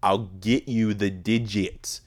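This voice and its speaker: Dude doing his cocky buddy, pushy and braggy, lowish voice. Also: steady tone, takes it slowly. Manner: pushy, boastful. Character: cocky young male friend playing wingman.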